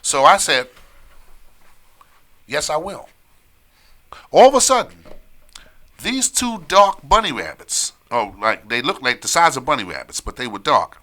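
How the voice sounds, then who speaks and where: In relaxed live-stream conversation, this man spins a lengthy tale at a moderate pace, his voice medium in pitch. He stays animated throughout, laughing frequently and repeating himself.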